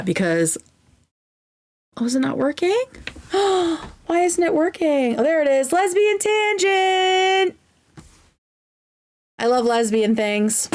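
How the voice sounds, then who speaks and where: A woman hosting a casual livestream Q&A at her computer. She reads viewer questions aloud and answers them in a chatty, enthusiastic way that drifts into tangents. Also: medium pitch. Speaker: livestream host.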